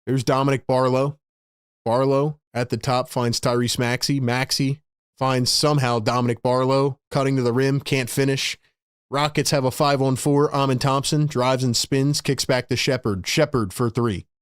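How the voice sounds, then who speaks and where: A man in steady, middle-pitched tones calls the game play-by-play for a live online stream. His delivery is exasperated and chatty, and it breaks off to talk to viewers. The sound is dry and close, with no room around it. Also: moderate pace, clean tone, no echo. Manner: frustrated, exasperated, chats to viewers. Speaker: live-stream sports commentator. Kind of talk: live play-by-play with fan reaction.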